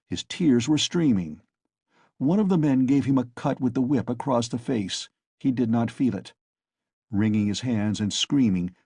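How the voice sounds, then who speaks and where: A man narrating an audiobook in a steady storytelling manner on a close mic. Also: mid-range voice, breathy edge, no echo. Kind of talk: scripted narration.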